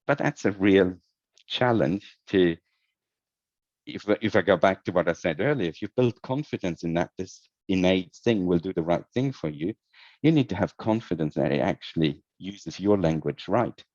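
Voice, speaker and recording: A man with a very deep voice answers interview questions, circling back and repeating words as he thinks aloud. The audio is dull and lo-fi, with a dry, close sound and no room around it. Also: expressive, moderate pace, darkish tone, dry recording. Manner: thoughtful, many restarts and repeated words. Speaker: guest, head of user experience. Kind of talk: conversational podcast interview.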